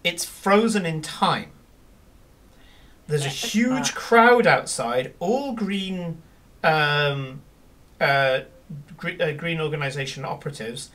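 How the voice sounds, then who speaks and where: A man's voice: on the high side, lively intonation, takes it slowly, long pauses, bright, forceful tone, far from the mic. A man running a tabletop game as game master, narrating scenes with many fillers and restarts.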